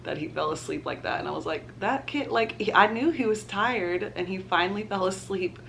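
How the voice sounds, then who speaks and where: A woman's voice: lowish voice, brisk, vocal fry, a bit bright, slight background noise. A young woman, chatting casually to camera as a mom vlogger and laughing often.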